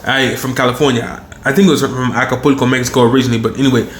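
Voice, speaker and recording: Animated, cursing storyteller man in echoey room. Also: mid-range voice, very fast, slight background noise. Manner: animated, profane, rambling storyteller. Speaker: channel host. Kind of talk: casual storytelling monologue. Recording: roomy echo.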